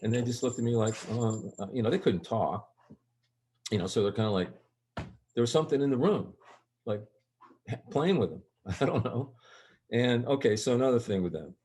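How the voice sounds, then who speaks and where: An older man appears as a guest on an interview show, telling stories casually and rambling a bit. His medium-pitched voice is warm and animated at a moderate pace with long pauses, jumping up whenever he acts out quoted lines.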